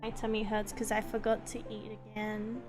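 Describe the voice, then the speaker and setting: A tired young woman streamer chatting casually on a late-night stream, rambling through a story with lots of fillers and animated asides. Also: mid-range voice, moderate pace, over loud music.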